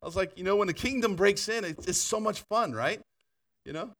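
A man preaching in a church, telling stories with laughs and asides, then turning quieter to lead an altar call. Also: high-pitched, brisk, distant mic. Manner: animated storytelling with laughter and asides. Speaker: pastor. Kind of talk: sermon. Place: church sanctuary.

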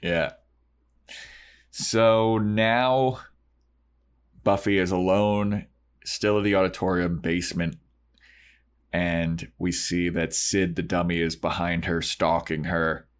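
Podcast co-host, male, very low voice, easygoing recap delivery that slips into quick impressions of characters. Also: fairly even intonation, clear, resonant tone. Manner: retells scenes, acting out lines. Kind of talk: casual episode recap chat.

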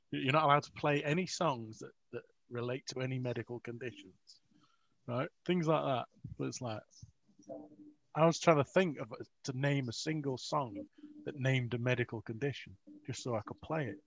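A man's voice: mid-range voice, moderate pace, vocal fry, fairly bright tone, dry recording. A man, an author, telling rambling, self-mocking stories with frequent laughs in a casual interview. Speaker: author, guest. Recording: dry, dull lo-fi audio.

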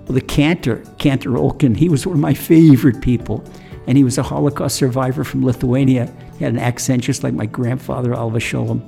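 Gravelly-voiced man telling a folksy story. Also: mid-range voice, fairly even intonation, fairly quick, warm tone, soft background music. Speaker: storyteller and religious teacher. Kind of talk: storytelling sermon.

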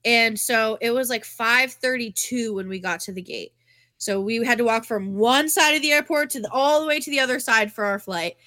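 A woman with a high, very bright voice, co-hosting a podcast and telling a story in a loose, animated way. She swears freely and fills her talk with "like." The sound is dry and close. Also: normal speed, no room sound. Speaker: podcast co-host. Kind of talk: casual chat, storytelling.

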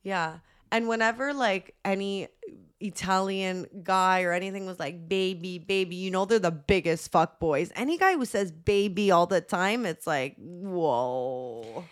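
Young woman, twenties, podcast co-host, casual storytelling, says "like" constantly, mid pitch. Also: normal speed, clean tone. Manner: chatty storytelling, heavy use of "like", acts out quotes. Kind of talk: casual chat.

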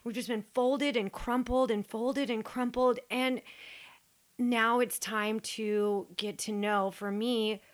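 A woman's voice: on the high side, steady tone, takes it slowly. A woman talking reflectively and earnestly about her own inner life. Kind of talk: reflective personal talk.

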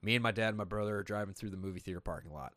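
A man's voice: fairly low pitch, very fast, dry recording. A man co-hosting a casual podcast, telling stories with lots of swearing and acted-out quotes. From Sacramento, California. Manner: animated, profane storytelling with lots of voiced quotes. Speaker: podcast co-host. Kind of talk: casual chat.

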